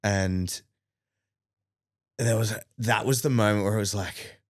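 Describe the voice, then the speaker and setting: A man with an Australian accent tells a story on a podcast, his voice lowish and recorded dry and close. He jumps up high whenever he quotes someone, and leans on plenty of ums and likes. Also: takes it slowly, no room sound. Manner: animated, acts out quotes with rising pitch, many fillers. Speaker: podcast guest. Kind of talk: casual storytelling.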